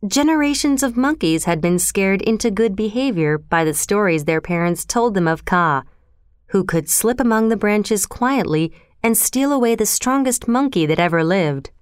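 A woman narrating a storybook in a calm, expressive reading. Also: mid-range voice, normal speed, clean tone, no room sound, clean studio sound.

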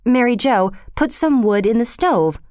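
A woman's voice: on the high side, lively intonation, unhurried, darkish tone, no room sound, studio quality. A woman voicing an imaginative, talkative young orphan girl in a storybook reading, earnest and dramatic. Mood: urgent. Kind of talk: storybook character voice.

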